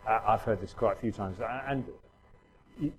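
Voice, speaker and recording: A man's voice: fairly low pitch, moderate pace, a little hiss or hum, rough recording. A middle-aged man preaching a sermon in a conversational way, full of restarts and fillers.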